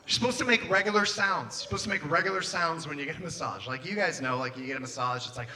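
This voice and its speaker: A young man doing a stand-up comedy set, animated and acting out scenes in put-on voices on a club stage. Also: fairly high pitch, fast, few pauses.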